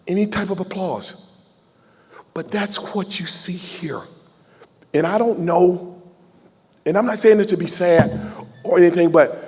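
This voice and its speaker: A man's voice: high voice, a little mellow. A man in his sixties giving a heartfelt, folksy keynote speech at a gala, joking with the crowd and taking questions. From Southern United States. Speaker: keynote speaker. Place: large banquet hall. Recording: long hall reverb from a ballroom PA.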